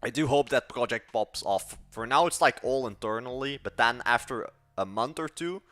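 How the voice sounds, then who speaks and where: A man's voice: medium pitch, moderate pace, a bit bright, faint music behind. An eighteen-year-old man from Belgium with a Dutch accent, rambling casually to his live-stream chat while he codes. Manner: rambling, slangy, talks to chat and mutters while working. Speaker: live-streaming app developer.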